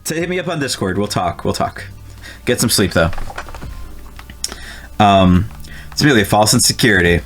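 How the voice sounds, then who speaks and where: A man's voice: fairly low pitch, sing-song, moderate pace, pauses often, fairly bright tone, faint music behind. A man from New Jersey streaming a video game, chatting casually with his viewers, laughing and swearing often as he reads the game text aloud. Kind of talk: casual let's-play commentary.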